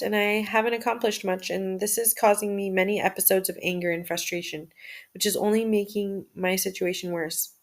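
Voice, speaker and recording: Here a woman voices a first-person journal at medium pitch. She moves at a steady, deliberate rate and sometimes backs up to begin a phrase again.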